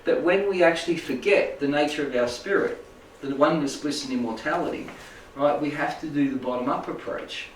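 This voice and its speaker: A man's voice: on the high side, brisk, few pauses, a little hiss or hum. A man teaching a small group in a loose, rambling way, often checking in with "right?" and "make sense?". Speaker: spiritual healing teacher. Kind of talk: informal talk to a small group. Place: indoor room with a live audience. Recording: echoey room, mic at a distance.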